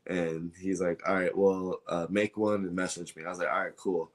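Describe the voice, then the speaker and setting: A man's voice: deep voice, little pitch movement, moderate pace. A man, a guest on an interview show, telling a story in a casual, rambling way with many fillers and acted-out dialogue. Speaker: belt maker, guest.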